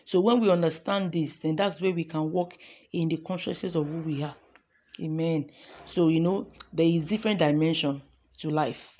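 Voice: mid-range voice, steady tone, normal speed, a little mellow. A devotional host leading a morning sermon, fervent and repetitive, calling listeners to repeat affirmations.

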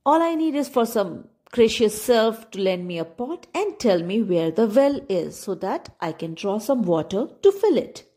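A woman's voice: medium pitch, big pitch swings, normal speed, hardly any pauses, warm tone, natural voice. A woman voicing a shabby, polite wandering man who coaxes and persuades. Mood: coaxing. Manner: polite, courtly and coaxing.

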